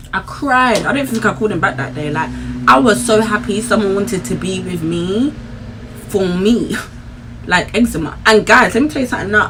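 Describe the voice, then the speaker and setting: A woman's voice: medium pitch, normal speed, a little hiss or hum. Chatty young woman. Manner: animated, chatty, laughing between lines. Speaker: vlogger. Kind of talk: casual story time.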